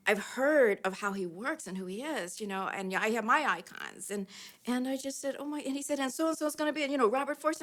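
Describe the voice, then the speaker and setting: An older woman in an interview, telling an animated anecdote and acting out the quoted lines with big pitch jumps. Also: normal speed.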